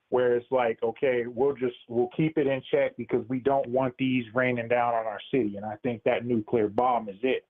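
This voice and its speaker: A man on a call-in show, musing casually and swearing as he talks. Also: medium pitch. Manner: casual, profane, speculative. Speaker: caller. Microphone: phone. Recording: tinny phone line.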